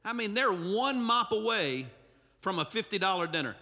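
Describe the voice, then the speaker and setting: A man's voice: sits high, animated, normal speed, bright, forceful tone, long reverb tail. A male pastor, preaching a humorous, emphatic sermon with asides to the congregation. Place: church sanctuary.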